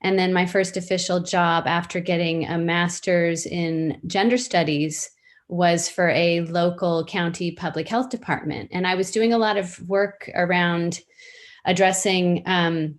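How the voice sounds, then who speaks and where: A woman in her fifties, a guest on a podcast interview, talking casually and thoughtfully about her work, often pausing with fillers and restarting sentences. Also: lowish voice, steady tone. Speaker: interview guest, storytelling practitioner.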